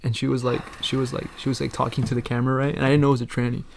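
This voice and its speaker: A young man chats loosely on a podcast, spinning rambling anecdotes full of laughs and curse words. His voice sits in an ordinary middle range with a gravelly, creaky edge. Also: mid-range voice, level tone, rapid-fire, a little hiss or hum. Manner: rambling storytelling, laughs often, swears a lot. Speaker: podcast co-host. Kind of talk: casual chat.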